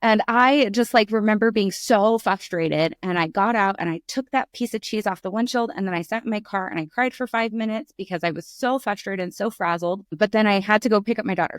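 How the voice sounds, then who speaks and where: Expressive woman telling a candid story. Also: medium pitch, no room sound, clean studio sound. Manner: animated, acts out voices in her stories. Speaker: podcast guest.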